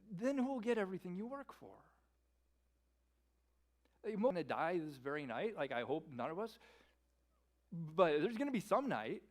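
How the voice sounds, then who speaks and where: A male pastor preaching a sermon as an animated storyteller, peppering his speech with "like.". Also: on the high side. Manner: animated storyteller, lots of filler "like". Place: church service.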